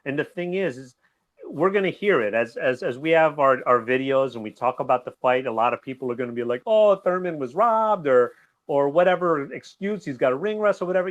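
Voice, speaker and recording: A man guesting on a boxing talk show, rambling in an animated way and laughing easily. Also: medium pitch, lo-fi sound. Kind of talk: casual boxing recap chat.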